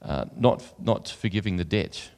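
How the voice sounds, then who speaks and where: In a sermon, a man reads scripture aloud with earnestness, then drifts into chatty asides full of fillers. He sounds low, animated, gravelly and a little mellow, keeping a measured pace. Long hall reverb is audible.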